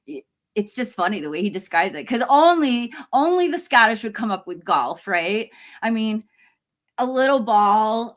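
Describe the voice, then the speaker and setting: Speaking in a fairly low, slightly bright voice, a middle-aged horror YouTuber chats casually on her live stream. She goes through viewer comments, laughs often, and sometimes stops mid-sentence.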